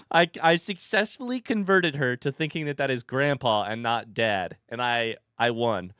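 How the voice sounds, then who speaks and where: A man streaming from home, chatting casually and telling an animated story between laughs. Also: mid-range voice, moderate pace, hardly any pauses, smooth, no echo, studio quality. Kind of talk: casual chat. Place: home room with a standing desk.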